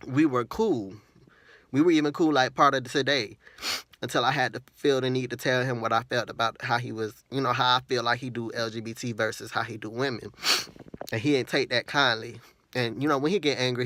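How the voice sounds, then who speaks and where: A man's voice: medium pitch, bright, forceful tone, dry recording. A man, talking earnestly and at length to his viewers in a personal vlog, venting about a friend. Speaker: vlogger.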